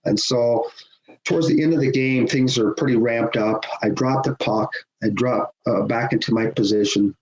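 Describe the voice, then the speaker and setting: A middle-aged man, a guest on a podcast, telling a personal story in a lively conversational way, chuckling as he goes. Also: mid-range voice, moderate pace. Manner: animated, acts out quoted voices, chuckles often. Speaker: podcast guest, hockey official. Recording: roomy, dull sound with faint hiss.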